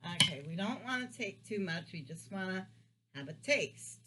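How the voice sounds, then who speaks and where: A woman's voice: on the low side, lively intonation, moderate pace, background noise. A woman hosting a casual food taste-test vlog, chatting and humming to herself as she chews and reacts. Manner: chatty, muses aloud while chewing, frequent hums and laughs. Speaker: vlogger.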